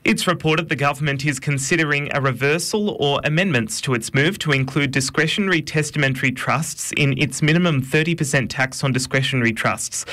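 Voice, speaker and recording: A man reads the radio news in a steady, formal way. His voice sounds bright and forward, at a middle pitch, close on a studio microphone. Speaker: newsreader. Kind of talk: scripted news reading.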